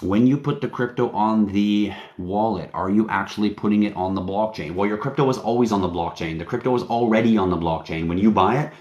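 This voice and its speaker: A man's voice: on the low side, a little mellow, echoey room, highs cut off. A man hosting a casual livestream, rambling in a hyped-up way and swearing casually. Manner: rambling, hype-driven, casually profane. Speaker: livestream host and company founder.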